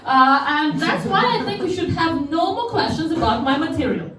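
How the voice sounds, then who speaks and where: A woman's voice: high voice, animated, normal speed. A woman doing stand-up, bossing the audience with mock outrage. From Russia. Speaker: stand-up comedian. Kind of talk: stand-up routine with crowd work. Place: comedy club stage. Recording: roomy club, distant mic, loud crowd.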